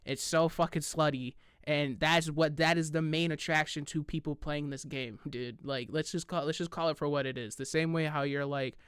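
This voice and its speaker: Man, reaction host, slightly high voice, crude joking delivery, dry close mic. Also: steady tone, normal speed, few pauses, fairly bright tone, smooth, no echo. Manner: profane, laughing, mocking asides. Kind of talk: casual reaction commentary.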